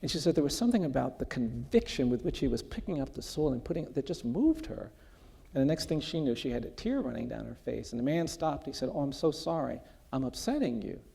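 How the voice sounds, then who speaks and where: A man with a dark, gravelly, husky voice tells a story in an earnest, measured way during an onstage conversation. His voice carries a long reverb from the large event hall around him. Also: medium pitch, big pitch swings. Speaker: guest speaker, justice advocate.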